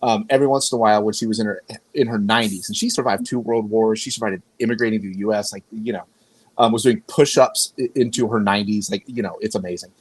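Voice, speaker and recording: A man's voice: lowish voice, steady tone, fast talker, breathy edge, low-quality recording. A man talking as a podcast guest, telling stories in a rambling way and often restarting his sentences. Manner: rambling, self-correcting storyteller. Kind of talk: casual conversation.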